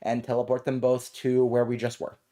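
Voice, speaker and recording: A man playing in a tabletop game, lively and lecturing, laughing often. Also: medium pitch, fairly quick. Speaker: player.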